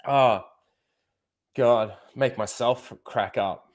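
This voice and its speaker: A man's voice: medium pitch, very slow. A man hosting a casual livestream, swearing freely and chuckling often. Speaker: livestream host.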